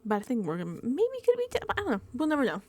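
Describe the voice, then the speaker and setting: Quick and fairly high-pitched, a woman hosts a casual reality TV recap at a desk microphone, animatedly acting out her reactions and quotes.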